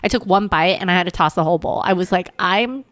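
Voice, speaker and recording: A young woman co-hosting a podcast, chatting casually. She speaks her opinions plainly and laughs easily in a relaxed, conversational manner. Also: fairly low pitch, fast. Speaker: podcast co-host. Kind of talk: casual chat.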